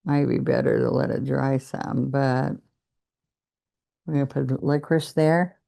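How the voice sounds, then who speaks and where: Older woman painting instructor, mellow and gravelly, slow and even, chatty demo. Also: rumbling low. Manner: chatty, encouraging, talks while working. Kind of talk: relaxed painting demonstration.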